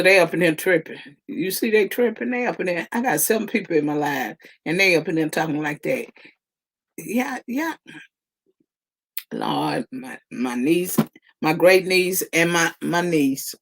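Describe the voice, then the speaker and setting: A young woman hosts a casual livestream, teasing her viewers with an unhurried, drawn-out delivery. She laughs often and stretches her exclamations. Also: low-pitched, animated. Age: 20s. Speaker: livestream host.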